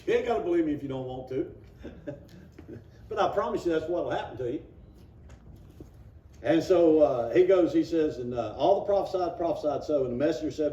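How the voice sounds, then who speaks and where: A man's voice: fairly high pitch, expressive, a little fast, pauses often, mellow. Folksy man teaching, distant and roomy. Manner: folksy, acts out the people he quotes; reads scripture aloud, then explains it. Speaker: Sunday school teacher. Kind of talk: informal Bible class teaching. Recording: roomy, distant, dull room recording.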